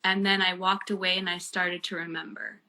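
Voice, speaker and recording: A woman, a guest and bereaved mother, telling a personal story in casual chat, earnest and animated with many fillers. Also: fairly low pitch, a little fast. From Canada.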